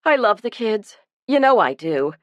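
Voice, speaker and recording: A woman voicing a relaxed, agreeable family father. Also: mid-range voice, measured pace, dry recording, highs cut off, voice pushed up.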